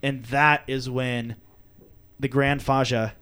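A young man hosting a casual chat, telling stories with lively impressions of other people. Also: slow, slight background noise. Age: young adult. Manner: animated storyteller, mimics voices with big jumps in pitch.

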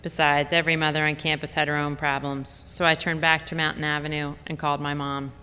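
A woman's voice: flat delivery, fairly quick, bright, forceful tone. A woman narrating a memoir in a wry, reflective tone. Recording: long reverb, faint rumble.

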